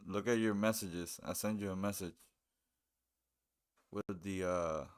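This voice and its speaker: A man's voice: low-pitched, fairly even intonation, unhurried, clean tone. A man hosting a live stream, chatting casually and commenting on a game, with a laid-back manner and a habit of repeating phrases.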